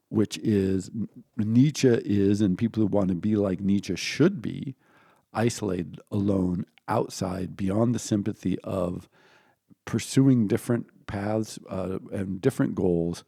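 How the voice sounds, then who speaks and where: Man, philosophy lecturer, gravelly low voice, dark tone, rambling and self-correcting. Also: dry recording, clean studio sound. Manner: digressive, self-correcting, acts out quoted voices. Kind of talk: informal spoken lecture.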